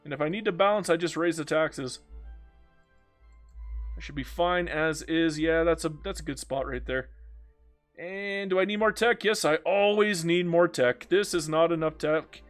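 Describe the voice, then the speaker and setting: A man's voice: on the high side, moderate pace, faint music behind. A man streaming a strategy game, chatting casually, joking and reading viewer comments aloud. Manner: chatty, joking, reads chat aloud, breaks into silly mock voices. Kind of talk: live gameplay commentary.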